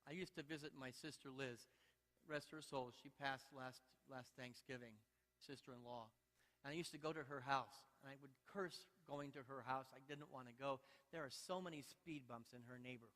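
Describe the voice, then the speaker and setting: A male pastor preaching a sermon, playful and exhorting, telling lively stories in a church sanctuary. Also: medium pitch, normal speed. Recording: long church hall reverb.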